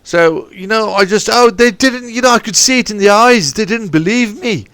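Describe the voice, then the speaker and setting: In a high, bright, forceful voice with a clean tone, the sports academy coach, who handles both football and rugby, talks at a moderate pace. Recorded dry on a podcast mic, his meandering story is full of restarts and side trips.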